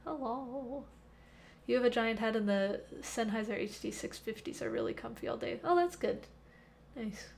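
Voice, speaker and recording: A woman's voice: on the high side, normal speed, vocal fry, a little mellow, a little hiss or hum. A young woman hosting a casual live coding stream from home, reading chat aloud and answering questions with plenty of fillers. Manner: chatty, reads chat aloud, many fillers. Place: temporary home. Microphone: headphones with mic.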